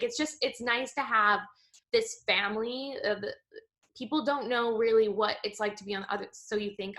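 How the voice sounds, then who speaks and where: A woman in her twenties, a Broadway performer and dancer, chatting in an interview with lively restarts and lots of fillers. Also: medium pitch. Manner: animated, tumbling restarts and frequent "like". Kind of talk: casual interview chat.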